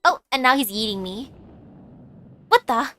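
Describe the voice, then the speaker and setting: A woman's voice: a little high, animated, unhurried, pushed and bright, faint music behind. A woman streaming a game, reading the dialogue aloud and adding playful, joking asides.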